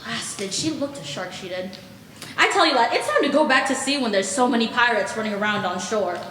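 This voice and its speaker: A woman's voice: expressive, brisk, a bit bright. Brief: sly, blustering peg-leg pirate cook, played by a woman on a school stage, noisy room. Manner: gruff seafaring bluster, sweeping pitch. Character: one-legged male pirate cook, sly and jovial. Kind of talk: high school stage acting. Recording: echoey auditorium stage sound, noisy.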